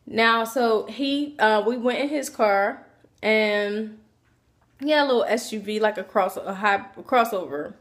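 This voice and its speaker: A woman telling a personal story to her camera in a casual, animated way, acting out what people said. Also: on the high side, unhurried. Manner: animated, acts out quoted voices, chatty asides. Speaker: vlogger.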